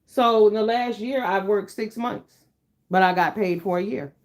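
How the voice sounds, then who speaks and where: A woman's voice: medium pitch, moderate pace. A middle-aged woman chatting to her viewers, telling a story in a blunt, profane, emphatic rant. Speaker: YouTuber. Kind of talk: casual chat to viewers.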